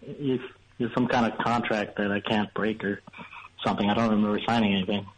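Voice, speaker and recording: A man from Hawaii calling into a comedy radio show, playful and quick to laugh. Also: lowish voice, fairly even intonation, a little hiss or hum, rough recording. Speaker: caller. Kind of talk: call-in comedy banter.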